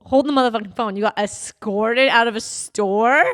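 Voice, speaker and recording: A woman co-hosting a podcast in casual chat, with a fairly high voice. She is excitable and swears freely, with plenty of gasps. The room sounds dry. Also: moderate pace, no room sound. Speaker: podcast co-host.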